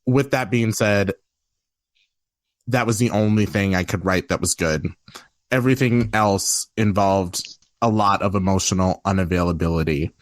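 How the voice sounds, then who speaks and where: A low-voiced man speaks openly and reflectively as a podcast guest, his voice catching with emotion now and then. The recording is dry and close, with no room sound. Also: moderate pace, dry recording. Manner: candid, reflective, tearful at times. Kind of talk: emotional personal conversation.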